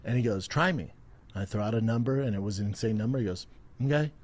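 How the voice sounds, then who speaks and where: A man's voice: lowish voice, very fast, mellow. A man hosting a casual podcast chat, telling stories with quoted asides and readily agreeing. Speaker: podcast host.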